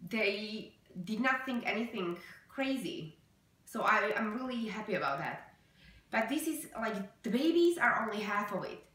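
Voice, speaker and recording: A woman speaks to her viewers in a personal vlog, earnest and emotional, halting on fillers and restarts. Her voice is bright and forceful. She sits away from the mic in a very echoey room. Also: mid-range voice, lively intonation, distant mic. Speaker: vlogger. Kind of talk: personal vlog talk to camera.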